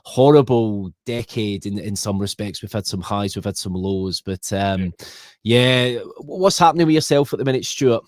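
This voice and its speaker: A man's voice: on the low side, moderate pace, no echo, studio quality. A man hosting a podcast interview, speaking hesitantly with lots of ums. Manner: hesitant, many ums, warm banter. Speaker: podcast host.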